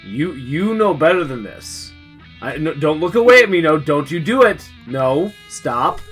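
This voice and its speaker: A man voices an earnest young male trainer in a tabletop game, a little high in pitch. He stumbles over his words, apologetic one moment and firm the next, over faint guitar music. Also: normal speed, close to an everyday voice. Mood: stern. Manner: pleading, hesitant, many restarts.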